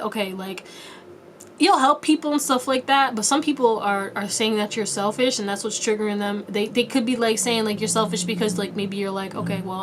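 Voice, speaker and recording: A woman's voice: fairly high pitch, slight background noise. A young woman giving a casual pick-a-card tarot reading, chatty and rambling, with playful asides. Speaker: tarot reader.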